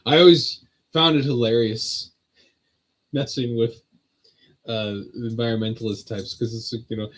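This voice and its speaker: A man's voice: mid-range voice, fairly even intonation, unhurried, long pauses, rough recording. A man at home hosting a casual on-camera religious teaching, full of joking, sardonic asides. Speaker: host of a Bible teaching channel.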